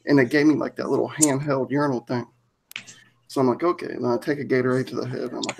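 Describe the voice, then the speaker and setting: A man's voice: mid-range voice, brisk, creaky. A man co-hosting a live stream, telling profane stories in a casual way and laughing through them. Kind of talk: crude casual storytelling.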